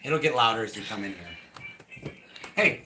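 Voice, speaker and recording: A man co-hosting a live home-tour stream, playful and excitable, sometimes breaking into shouts. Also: on the low side, moderate pace, a little hiss or hum. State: out of breath. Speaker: channel co-host giving a house tour.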